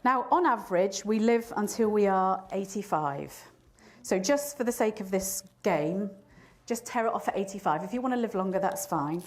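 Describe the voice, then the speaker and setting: Woman in her 50s, motivational speaker, story-led, easy self-mocking delivery, mid-pitched voice. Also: animated, moderate pace. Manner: warm storytelling, laughs at herself. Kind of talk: personal story in a motivational talk.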